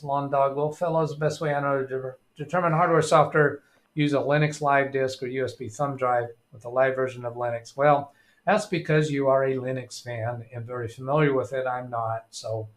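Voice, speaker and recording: A middle-aged man hosts a casual live tech stream, rambling as he reads chat aloud. He thinks out loud and fills pauses with ums and uhs. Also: medium pitch.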